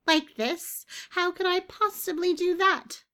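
A woman doing a gravelly bird-woman. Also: a little high, animated, slow, bright, forceful tone, pitched above the performer's own voice, heavily acted. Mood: indignant. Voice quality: gravelly, rasping. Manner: needling, whiny and indignant.

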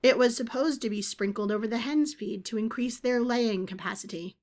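A woman's voice: fairly high pitch, moderate pace, a little mellow, natural voice. A woman voicing a thrifty, exasperated witch who talks dry and patient.

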